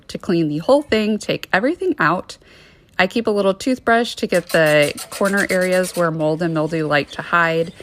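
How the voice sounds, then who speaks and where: A woman's voice: fairly low pitch, fairly bright tone, slight background noise. A woman giving casual, matter-of-fact how-to tips.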